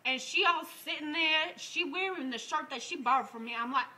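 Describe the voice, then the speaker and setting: A man voicing a brash, crude young woman who laughs through her loud improvised comic story. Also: very high voice, moderate pace, exaggerated voice, low-quality recording.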